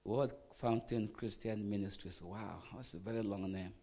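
A man preaching a sermon, quizzing the congregation with questions and swinging from quiet asides to loud emphatic bursts. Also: lowish voice, moderate pace. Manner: animated preaching, call-and-response questions to the congregation. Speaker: pastor.

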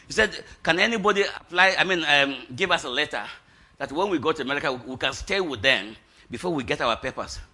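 A middle-aged man, a pastor giving an animated testimony sermon, shouting at its high points and laughing between lines. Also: fast, husky.

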